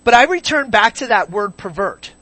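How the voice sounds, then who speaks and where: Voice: mid-range voice, animated, moderate pace, bright, forceful tone, breathy edge, no room sound. Give me an emphatic preacher in a sermon who stretches out key words and asks rhetorical questions. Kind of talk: sermon, verse-by-verse Bible teaching.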